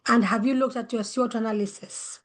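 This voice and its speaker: A woman facilitating an online webinar, explaining how pitches are judged through a string of questions, speaking over a video call. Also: fairly even intonation, a little fast. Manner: explains judging criteria with many questions.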